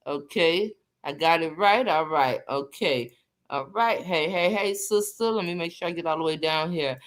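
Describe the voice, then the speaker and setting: A woman's voice: low voice, normal speed. A woman hosting a casual live stream chat, greeting viewers by name and speaking emphatically, often repeating phrases.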